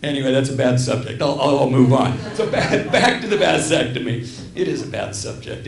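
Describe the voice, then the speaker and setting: A man's voice: mid-range voice, expressive, brisk, vocal fry. A middle-aged man performing a stand-up set on a small theater stage, self-deprecating and rambling, often breaking off to apologize. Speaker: stand-up comedian. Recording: roomy live theater sound.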